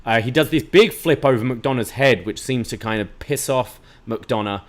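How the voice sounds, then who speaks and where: A man in easy conversation, narrating a wrestling match step by step with plenty of ums and uhs. His voice sits. The delivery is steady, like an informal recap among friends. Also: mid-range voice, moderate pace. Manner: play-by-play retelling with fillers. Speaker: podcast co-host.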